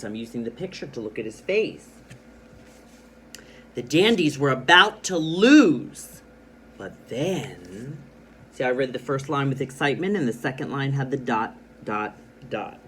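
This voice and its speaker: A man teaching a children's reading lesson. He reads a storybook aloud with lots of expression, stressing words and pausing, then explains plainly what he did. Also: mid-range voice, a little hiss or hum.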